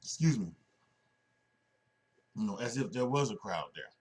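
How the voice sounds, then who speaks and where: A man's voice: on the low side, animated, a little fast, breathy edge. A man hosting a solo wrestling podcast, talking casually and rambling with many restarts and fillers. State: sleepy, yawning.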